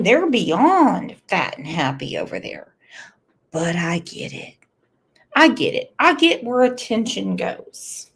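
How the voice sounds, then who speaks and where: A woman with a cold and a congested voice, hosting a casual true crime livestream, blunt and outspoken as she reads chat. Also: a little high. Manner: blunt, outspoken, with emotional asides. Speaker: true crime channel host.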